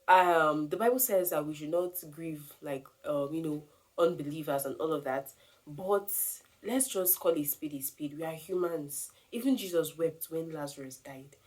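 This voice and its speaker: A woman's voice: low voice, moderate pace. A woman, talking earnestly to camera and giving advice on grief. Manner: earnest, animated, emphatic. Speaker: vlogger sharing grief advice. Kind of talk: casual talk to camera.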